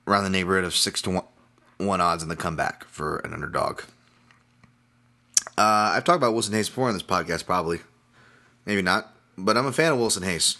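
A deep-voiced middle-aged man hosts his podcast, rambling casually about fights and odds. He is hiccuping, restarts his sentences and pokes fun at himself, with a crisp, forceful tone. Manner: rambling, self-deprecating, frequent restarts. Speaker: podcast host. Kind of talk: casual sports betting talk.

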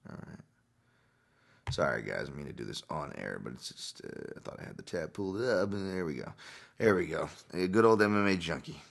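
A man with a deep, low voice hosts a solo podcast and talks loosely through recent fight results. He rambles, goes off on tangents and swears without a second thought. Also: lively intonation, brisk, creaky. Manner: rambling, casual, swears freely. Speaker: podcast host.

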